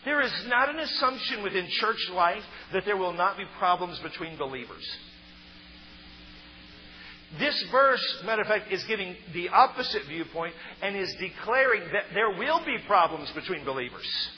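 A man preaching a sermon, emphatic and stressing key words loudly. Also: high-pitched, very animated, normal speed. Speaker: pastor. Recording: muffled sound in a reverberant hall.

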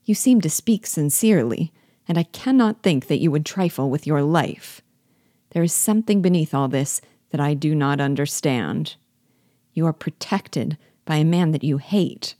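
A woman's voice: low-pitched, lively intonation, normal speed, mellow, dry recording, clean studio sound. A woman voicing a scheming, sardonic male rebel chief with a sly, falsely frank manner in an audiobook reading.

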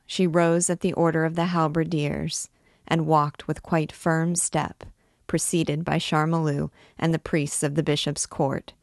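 A woman hosting a read-along, reading a classic novel in a measured, steady way. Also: low-pitched, no echo, clean studio sound. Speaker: reader, host. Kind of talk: audiobook reading.

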